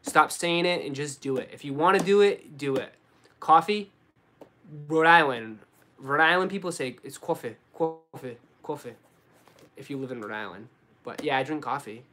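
A young man with a Boston accent, chatting casually on a live stream and answering viewers, relaxed and full of slang. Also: medium pitch, a little hiss or hum. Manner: relaxed, slangy, says dude and bro a lot. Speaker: sneaker YouTuber answering live chat.

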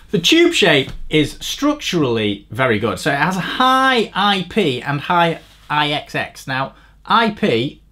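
A man reviewing a bike frame in a crude, rambling, sardonic way, swearing freely and shifting between mumbled asides and louder rants. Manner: swearing, rambling, sardonic, pitch jumps up when ranting. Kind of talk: crude comedic tech review.

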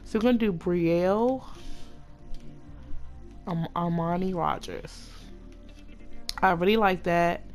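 A woman giving casual, chatty commentary as she plays a life-simulation game, talking excitedly to her viewers. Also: lowish voice, takes it slowly, long pauses, soft background music. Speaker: let's play host.

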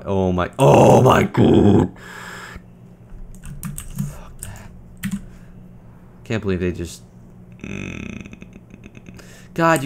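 A young man giving casual, joking commentary over a video game, trash-talking and breaking into loud shouts. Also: deep voice, gravelly, slight background noise. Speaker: gaming commentator.

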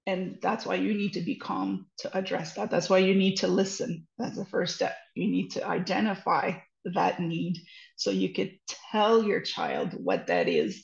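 Gravelly woman giving earnest parenting advice. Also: mid-range voice. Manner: earnest, reassuring, repeats "trust me". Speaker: parenting educator guest. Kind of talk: conversational advice talk. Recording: roomy, slightly dull lo-fi sound.

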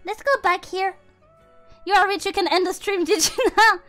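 Very high-pitched excitable streamer woman. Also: moderate pace, faint music behind. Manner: excitable, shrieky, gushingly apologetic. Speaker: VTuber streamer. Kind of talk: casual live-stream chat.

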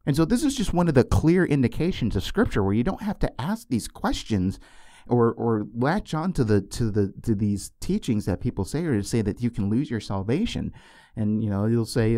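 A man's voice: medium pitch, big pitch swings, normal speed, warm tone, dry recording, clean studio sound. A man teaching the Bible on a podcast, earnest and emphatic, repeating key words and checking in with "okay?" and "right?".

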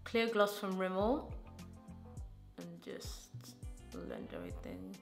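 A woman's voice: lowish voice, wildly swooping pitch, slow. Gushing, chatty woman vlogger in a roomy space. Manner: gushing, chatty, enthusiastic slang. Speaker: beauty vlogger. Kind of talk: casual get-ready-with-me chat. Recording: roomy echo with faint music.

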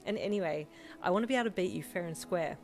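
A cocky teenage heroine in a storybook reading, teasing her rivals with easy confidence, as a woman puts her on. The voice sits a little low. Faint music plays behind it. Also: animated, fast talker.

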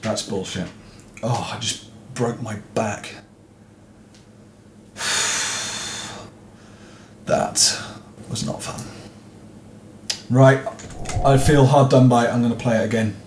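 A man's voice: medium pitch, takes it slowly, pauses often, darkish tone, echoey room, slight background noise. A young man commenting on a horror game as he plays, jumpy and frustrated, swearing often. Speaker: gaming video host.

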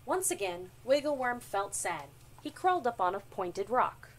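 Animated woman reading a storybook. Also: mid-range voice, moderate pace. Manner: expressive, animated. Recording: distant mic, faint background noise.

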